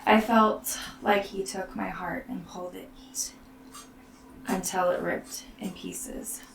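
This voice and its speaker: A woman, a mother, tells her own story in a slow, soft and halting way, often near a whisper. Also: medium pitch, steady tone, vocal fry. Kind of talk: personal storytelling. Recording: roomy, distant mic, faint background noise.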